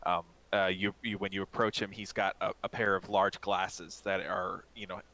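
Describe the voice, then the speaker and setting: A man with a low but bright, forward voice narrates a tabletop game scene as game master. He rambles casually, stacking fillers and restarts. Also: little pitch movement, moderate pace, low-quality recording.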